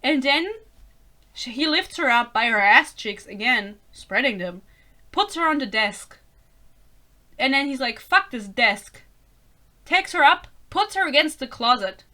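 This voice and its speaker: Bright, sarcastic young woman ranting. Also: high-pitched, lively intonation, unhurried. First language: not English. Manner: sarcastic, exasperated, laughing, frequent swearing. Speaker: book reviewer. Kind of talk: casual rant vlog.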